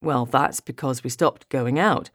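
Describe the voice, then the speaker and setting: A woman's voice: extremely low pitch, unhurried, no room sound, clean studio sound. A woman voicing a playful young boyfriend. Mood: teasing. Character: affectionate young adult man, playful teasing boyfriend. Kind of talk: audiobook character voice.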